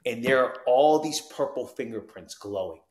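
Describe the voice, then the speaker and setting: A man's voice: medium pitch, normal speed, roomy sound. A man from New Jersey, a recovery coach, telling his story as a podcast guest, acting out the lines of the people in it. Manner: animated, acts out quoted dialogue, frequent "you know what I mean". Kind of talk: storytelling in conversation.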